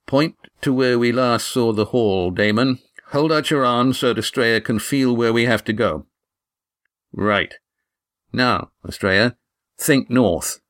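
A man's voice: mid-range voice, unhurried, a bit bright, no room sound, clean studio sound, lightly acted. A man voicing a stern male leader in an audiobook, curt and commanding.

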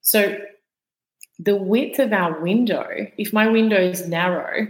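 A woman's voice: mid-range voice, a little slow, roomy sound, low-quality recording. A woman guest on a podcast, patiently explaining ideas and sometimes demonstrating how voices sound. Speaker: podcast guest, vagus nerve educator.

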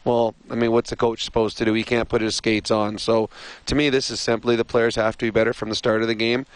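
A man analysing hockey on a sports radio show, measured and explanatory, on a studio microphone. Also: medium pitch, level tone, clear, resonant tone, dry recording, low-quality recording.

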